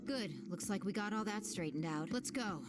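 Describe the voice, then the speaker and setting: A brisk, matter-of-fact young woman in an escape game, as an actress voices her. Her lines sit at a middling pitch for a woman. Game music plays clearly underneath. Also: expressive, close to an everyday voice. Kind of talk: video game voice acting.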